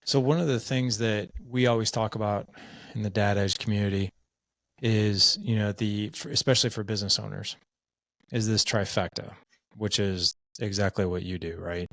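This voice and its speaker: Podcast host, male, lowish voice, conversational interviewer, dry close sound. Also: steady tone, normal speed, fairly bright tone, no echo. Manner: conversational, uses "right?" often.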